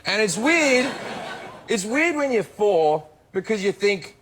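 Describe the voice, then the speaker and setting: A man's voice: high voice, big pitch swings, slow pace, a bit bright. A middle-aged man with an Australian accent, telling brash comic stories as a talk show guest, laughing and slipping into mock voices. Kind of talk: comic storytelling on talk shows.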